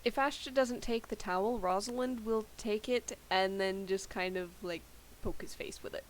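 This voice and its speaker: A woman playing in a tabletop game, talking in a relaxed, matter-of-fact way. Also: medium pitch, moderate pace. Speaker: player. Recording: noisy background.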